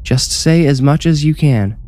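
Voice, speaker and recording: A man voicing an adult woman ghost investigator in a horror story, talking excitedly and calling out to others. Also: a little high, measured pace, pitched above the performer's own voice, natural voice. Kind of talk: audiobook horror reading.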